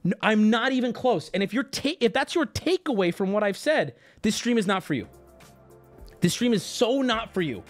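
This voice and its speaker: A man streaming live, ranting casually and arguing back at his chat in a mocking, animated way. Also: high voice, moderate pace, faint music behind. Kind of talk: casual livestream rant.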